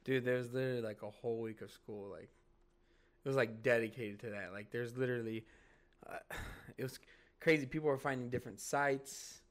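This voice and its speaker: A man's voice: mid-range voice, normal speed. A young man co-hosting a podcast, telling rambling stories in casual chat, full of "like", "dude" and swearing. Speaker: podcast co-host.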